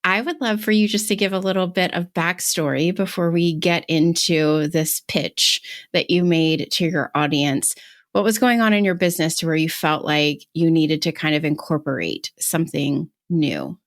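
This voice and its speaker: A woman's voice: sits low, normal speed. A woman hosting a podcast, upbeat and chatty, laughing along and cutting in with questions. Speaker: podcast host. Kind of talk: casual interview.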